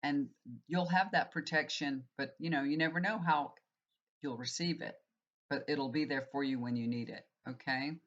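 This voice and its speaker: A woman's voice: sits low, fairly even intonation, normal speed. Woman tarot reader rambling earnestly, lots of ums, kinda muffled lo-fi sound. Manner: rambling, earnest, many fillers. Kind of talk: casual spiritual monologue.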